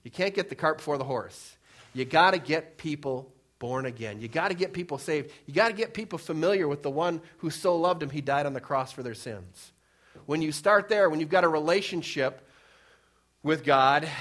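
Preaching a sermon, this male pastor reads scripture aloud and then explains it, moving back and forth between forceful climbs and quiet, low dips.

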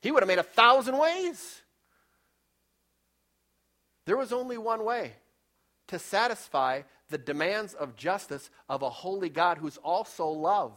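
A male preacher delivering a sermon with scripture readings, fervent and emphatic, often slowing down to stress key points. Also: high-pitched, lively intonation, bright, forceful tone. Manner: fervent, emphatic, varies pace for effect. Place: church with slides.

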